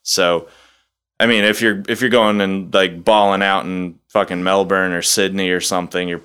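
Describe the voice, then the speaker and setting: A young man with a very low, smooth and resonant voice. He talks in a relaxed, rambling way on a casual podcast and swears freely. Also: normal speed. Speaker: podcast co-host. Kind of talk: casual chat.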